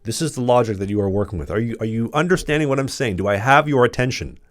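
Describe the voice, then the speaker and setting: A man's voice: mid-range voice, fast, no echo. A man hosting a political commentary channel, delivering a blunt, combative, sarcastic monologue full of repetition.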